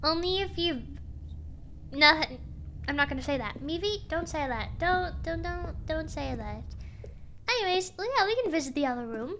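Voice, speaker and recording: A woman's voice: very high voice, animated, normal speed, a bit bright, slight background noise. A young woman streaming a game, chatting casually, apologizing over and over and joking along. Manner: apologetic and playful, often repeats herself. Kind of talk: casual live-stream commentary.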